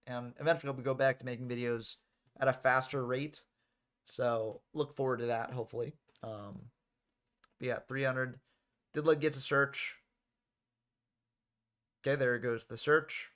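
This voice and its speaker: Male host calling card game plays, casual and chatty, mid-pitched voice. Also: steady tone, normal speed, long pauses, fairly bright tone. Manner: chatty, drifts into off-topic asides. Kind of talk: casual play-by-play commentary.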